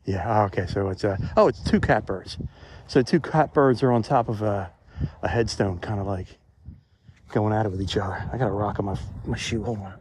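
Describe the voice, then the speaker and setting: A man's voice: on the low side, normal speed, darkish tone, a little hiss or hum. Musing man vlogging on a phone outdoors. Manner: rambling, conversational, musing. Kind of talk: reflective walking vlog. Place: outdoors in a cemetery. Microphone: phone held while walking.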